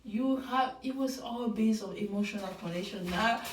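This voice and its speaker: A woman giving opinionated, animated commentary on a reality show, sometimes mocking the people she talks about. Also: fairly high pitch, normal speed. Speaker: reality TV recap vlogger. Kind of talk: casual commentary. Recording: roomy sound, mic at a distance.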